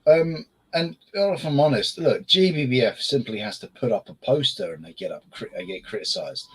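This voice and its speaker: A man's voice: mid-range voice, very animated, fast talker, vocal fry, few pauses, slightly rough, poor audio. A man co-hosting a casual beer review chat, rambling with lots of fillers and restarts.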